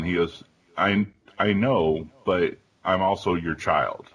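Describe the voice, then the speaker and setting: A man in his thirties hosting a round-table discussion, telling an animated story with acted-out family dialogue. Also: low voice, takes it slowly, rough recording. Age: 30s. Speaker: podcast host.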